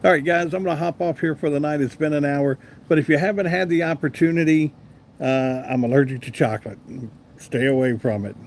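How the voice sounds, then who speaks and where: Talking a little fast, a man from the American South runs a casual live stream and answers viewers by name while reading comments. He has a Southern US accent and a voice on the high side with a darkish tone, plus a touch of hiss or hum.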